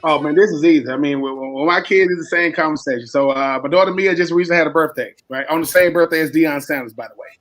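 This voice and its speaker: A man's voice: fairly high pitch, fast, few pauses, fairly bright tone, soft background music. A man co-hosting a sports radio show, animatedly telling stories about his kids in casual chat. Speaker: radio co-host.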